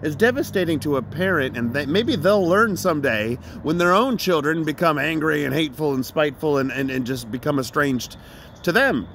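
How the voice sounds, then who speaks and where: A middle-aged man talks freely in a casual vlog, his fairly high voice rising and dropping with lots of movement. He rambles, getting emotional and then laughing through it. Faint background noise runs under the recording. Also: animated, moderate pace, a bit bright. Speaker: vlogger. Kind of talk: casual monologue.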